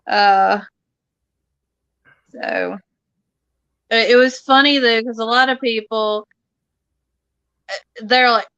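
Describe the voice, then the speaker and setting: A woman with a Southern Missouri drawl talks in a slow, folksy way as a guest. Her voice is higher than most and bright. The sound is dry and a little muffled, like a home webcam stream. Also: sing-song, clear, resonant tone, no room sound. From Missouri, Ozarks. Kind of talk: casual chat.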